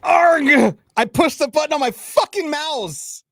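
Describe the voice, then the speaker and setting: An excitable male podcast host chats on a livestream, his high voice swinging widely as he vents in an exasperated way. The recording is dry and close. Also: moderate pace, no room sound. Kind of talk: casual livestream chat.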